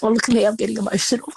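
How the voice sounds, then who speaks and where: A woman's voice: mid-range voice, a little hiss or hum, low-quality recording. A middle-aged woman with an Australian accent telling stories in a casual interview, chatty and full of restarts and quoted dialogue. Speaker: restaurateur and podcast guest.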